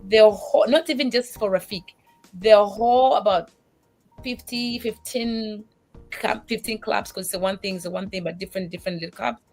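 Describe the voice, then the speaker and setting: Woman guest on a talk show, tearing up but animated, stumbles and restarts a lot, faint music behind. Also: mid-range voice, normal speed. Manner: tearful, animated storytelling with restarts. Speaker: guest single mother. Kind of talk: emotional testimony in a faith talk show.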